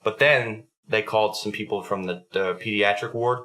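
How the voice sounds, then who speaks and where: A man's voice: fairly low pitch, steady tone, moderate pace, bright, forceful tone. A young adult man hosting a podcast, telling a story in a casual, profanity-heavy way. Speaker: podcast host.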